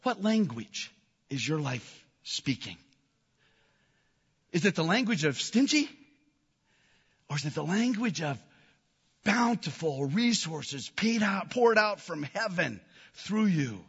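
A man preaching a sermon as pastor, telling a story with animated energy and rising to excited shouts. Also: high-pitched, slow, pauses often, breathy edge, long reverb tail, muffled recording.

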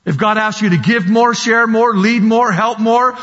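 A man preaching a sermon in a church hall, slow and emphatic, repeating key words. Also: sits high, a bit bright. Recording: dull sound with long hall reverb.

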